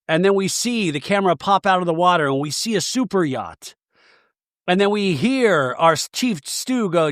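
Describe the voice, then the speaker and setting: A man with a fairly high voice hosts a comedy recap podcast, riffing and tossing out jokey asides as he goes. The sound is close and dry, with no room around it. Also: lively intonation, moderate pace, fairly bright tone, dry recording. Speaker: podcast host.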